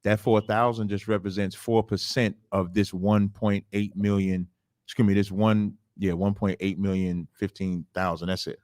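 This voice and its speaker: A man's voice: on the low side, little pitch movement, normal speed, a little mellow, no room sound, studio quality. A man hosting a heated debate, arguing and reading out statistics, often cutting in. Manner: argumentative, reads statistics aloud, interrupts. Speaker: radio host debating a guest.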